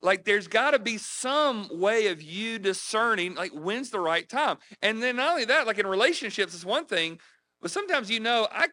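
A South Carolina preacher teaches on evangelism in a conversational sermon, telling personal stories in a high, expressive voice with a sharp tone at normal speed. He's chatty and keeps checking in with listeners, often asking "right? okay?"

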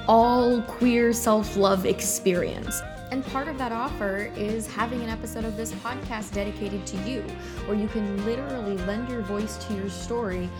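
A young woman hosting a casual podcast, bubbly and chatty and quick to laugh. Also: medium pitch. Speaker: podcast host and photographer.

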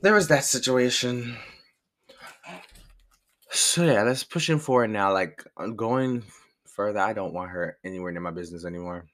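A young man casually telling a personal story, animated and rambling, swearing freely and laughing as he goes. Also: fairly low pitch, moderate pace, long pauses. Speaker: storyteller vlogger.

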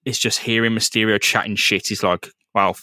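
A man co-hosting a podcast, casually retelling a comic book in an animated, crude, laughing way. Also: lowish voice, a little fast, no echo, studio quality. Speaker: podcast co-host.

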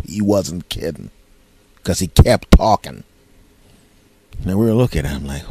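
A male podcast host telling a comic story in a sarcastic, animated way, often breaking into loud, high impressions of his friends. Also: unhurried, long pauses, breathy edge, dry recording.

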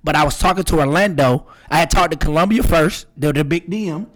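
A man's voice: fairly high pitch, brisk. A man hosting a podcast, telling his radio career story in casual chat and acting out what people said. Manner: animated, acts out quotes. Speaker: podcast host, radio personality.

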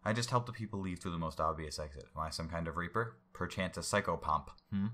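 A man's voice: low-pitched, quick pace, sharp tone, slight background noise. A man voicing an unhinged, grandiose male villain who rants and philosophizes manically while reading a story aloud. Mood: raving.

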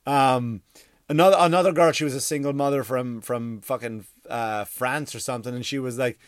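A man's voice: mid-range voice, fairly even intonation, normal speed. A male comedian riffing in a loose, rambling monologue, peppering it with swearing and constant "like" and "you know". His voice sits in a middle register and sounds dry and close, with no room echo. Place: workspace across from a school.

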